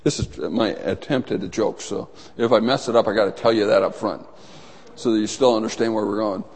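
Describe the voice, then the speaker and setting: A man's voice: lowish voice, a little fast. A middle-aged man preaching a sermon as a pastor, telling stories and acting out voices. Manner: animated storytelling, acts out voices in anecdotes. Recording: long reverb in a large hall.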